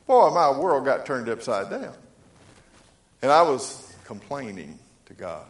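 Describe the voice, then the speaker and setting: A man's voice: mid-range voice, very animated, unhurried. A male pastor preaching a sermon in a folksy storytelling way, acting out the voices in his stories. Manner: folksy storytelling, acts out dialogue. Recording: echoey room.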